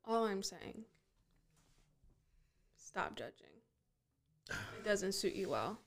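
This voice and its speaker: A woman's voice: mid-range voice, big pitch swings, takes it slowly. A woman from Southern California, a podcast guest in casual chat, earnestly pushing back in friendly argument.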